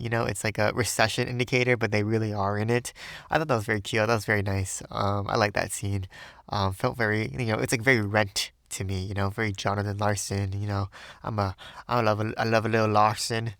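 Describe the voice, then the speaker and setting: A man's voice: fairly low pitch, gravelly, a bit bright, dry recording, clean studio sound. A man reading an audiobook aloud, then chatting casually and rambling about it afterward. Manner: rambling, self-deprecating chat in the afterword. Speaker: audiobook reader.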